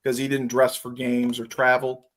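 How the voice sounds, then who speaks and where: A man hosting a podcast, telling profane, animated stories and acting out what others said in casual chat. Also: mid-range voice, normal speed, a little hiss or hum. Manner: profane, animated storytelling with acted quotes. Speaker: podcast host.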